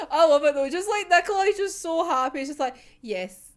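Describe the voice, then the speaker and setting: A young woman giving a casual, giggly and sweary reaction to a manga chapter. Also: very high voice. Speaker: manga reviewer.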